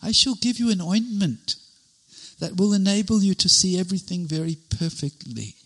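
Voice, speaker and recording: A man's voice: high-pitched, expressive, moderate pace, breathy edge, voice pushed up, heavily acted. A man doing a sly, playful young cowherd god. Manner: sly, gently teasing.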